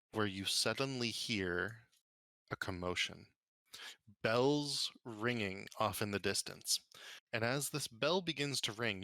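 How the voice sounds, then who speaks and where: A man's voice: on the low side, bright, forceful tone, no room sound. A man narrating as game master of a tabletop game, casual and descriptive, with many fillers.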